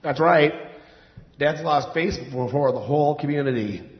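A man's voice: fairly high pitch, a little slow, close to an everyday voice. A man playing a resentful, self-righteous older son. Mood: defensive. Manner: complaining, defensive, sarcastic. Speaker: client of a counselor. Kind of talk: stage play dialogue. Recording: roomy dull hall recording.

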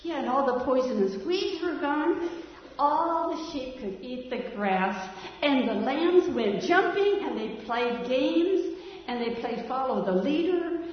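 A woman telling a story to a child in a gentle, coaxing way, asking the child to join in. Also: high voice, expressive, takes it slowly. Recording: echoey room from far off, dull sound.

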